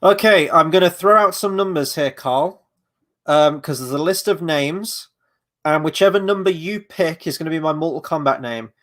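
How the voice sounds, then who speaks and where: A man's voice: fairly high pitch, moderate pace, a bit bright. A man hosting a live movie watchalong, rambling casually, swearing, and answering chat questions. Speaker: host.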